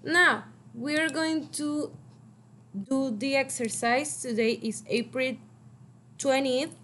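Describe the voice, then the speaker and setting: A woman with a Mexican Spanish accent teaching English vocabulary to children, slowly saying each word for pupils to repeat. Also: high voice, steady tone, a bit bright, slight background noise. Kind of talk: online vocabulary lesson for children.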